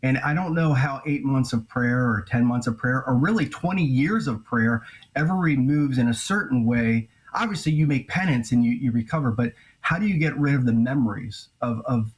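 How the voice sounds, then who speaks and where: Earnest male guest, halting and grave. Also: mid-range voice, expressive, low-quality recording. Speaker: journalist and author, guest. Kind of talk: earnest interview answers.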